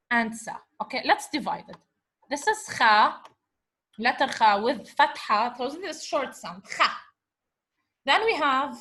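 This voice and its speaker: A woman's voice: fairly high pitch, sharp tone, husky. A woman teaching a recorded revision lecture, patiently sounding out words syllable by syllable, mixing English and Arabic and often checking in with "okay?". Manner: slow, patient syllable-by-syllable decoding; repeats "okay?" to check understanding.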